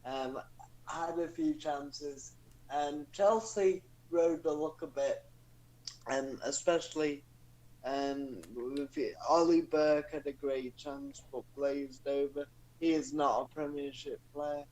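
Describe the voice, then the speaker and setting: A man co-hosting a casual football chat show, hesitant with many pauses and blunt opinions. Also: a little high, fairly even intonation, a little mellow, poor audio. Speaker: podcast co-host.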